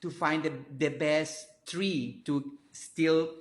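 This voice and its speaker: Energetic male performer, Latin American Spanish accent, slightly high voice, effusive chat. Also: slow pace, roomy sound. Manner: energetic, effusive, non-native phrasing. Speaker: performance artist, interview guest. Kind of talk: casual interview chat.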